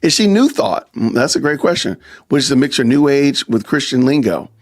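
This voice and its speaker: A man's voice: medium pitch, very animated, brisk. A man hosting a casual live-stream podcast, chatty, reading viewer comments aloud. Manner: chatty, reads viewer super chats aloud, frequent laughs and asides. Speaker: podcast host.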